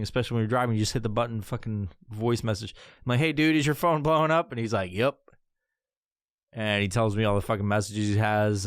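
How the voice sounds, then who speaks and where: A man hosting a solo podcast, ranting casually with lots of swearing and squeaky impressions of other people. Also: clear, resonant tone, dry recording, studio quality. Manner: profane, animated, mimics voices in high pitch. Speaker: podcast host.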